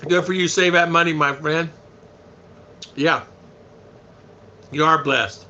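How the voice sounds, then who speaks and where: A man's voice: on the high side, steady tone, slow, pushed and bright, dull audio, slight background noise. A man from the United States hosting a casual live stream, chatting in a folksy way and reading viewer comments aloud.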